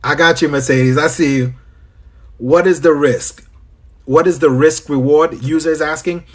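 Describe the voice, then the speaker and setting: A Trinidadian-accented business coach from Trinidad and Tobago leads a livestream Q&A in a slightly high voice with fairly even intonation and normal speed. He keeps up a chatty flow, greeting viewers by name and repeating his phrases.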